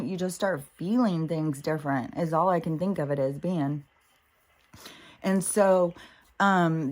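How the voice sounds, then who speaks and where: A middle-aged woman with a slightly low voice talks in a loose, meandering monologue about spiritual matters. She speaks casually and emotionally, fills pauses with lots of ums and likes, and swears freely. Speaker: spiritual podcast host.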